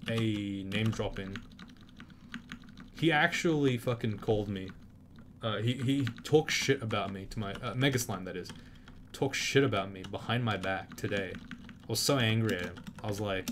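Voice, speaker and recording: A man's voice: lowish voice, noisy background. A man giving casual, profane commentary while playing a game, flaring into indignant outbursts at enemies. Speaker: gameplay commentator. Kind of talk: casual let's-play commentary. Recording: loud keyboard clicks picked up by mic.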